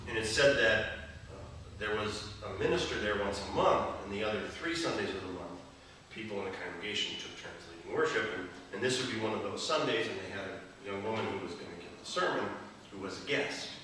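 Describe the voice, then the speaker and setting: A man's voice: lowish voice, fairly bright tone, slight background noise. A man giving a sermon as a bishop, telling stories and jokes to a gathering. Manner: storytelling, joking. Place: gathering hall. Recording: echoey hall, mic from far off.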